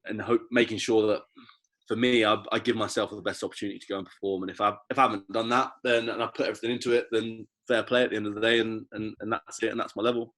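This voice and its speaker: A man in his twenties, a professional athlete, speaking as a guest in a casual podcast interview, reflective and animated when he tells stories. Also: on the low side. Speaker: guest, professional rugby player.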